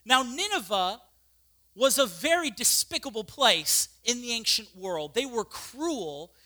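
A preacher delivers an animated sermon in a chatty, down-to-earth way, tossing in casual asides. The voice is very bright and cutting. The pitch rises and falls in a lively way. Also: a little slow.

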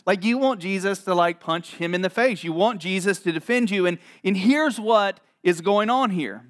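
A man preaches a sermon as pastor. His voice sits a little high, and he keeps it lively and joking, slipping into acted asides between the teaching. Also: normal speed.

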